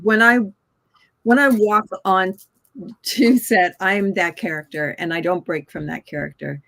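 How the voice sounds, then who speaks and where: A woman's voice: mid-range voice, a little slow, gravelly, a bit bright. Woman actor talking about her craft. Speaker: actor guest. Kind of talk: casual chat.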